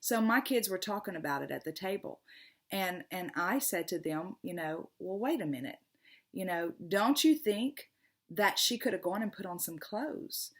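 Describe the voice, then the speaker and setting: A woman's voice: on the low side, animated, moderate pace. A middle-aged woman, hosting a casual vlog monologue, earnest and passionate, often stumbling and repeating her words. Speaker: tarot channel host.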